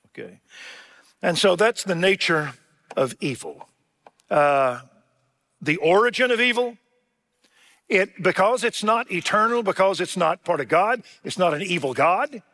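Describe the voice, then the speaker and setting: A man preaching a sermon as pastor, asking his listeners questions and slowing down to stress key words. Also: a little high, a bit bright, big-room sound. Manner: rhetorical questions, slows for emphasis.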